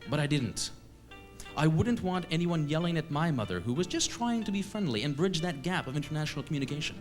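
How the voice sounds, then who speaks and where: Guy from eastern canada doing a deadpan funny story on stage, voice swoops around, music in the back. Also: fairly high pitch, brisk. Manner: wry, deadpan self-mocking delivery. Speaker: comedian storyteller. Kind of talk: comic storytelling monologue. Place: stage at a live show.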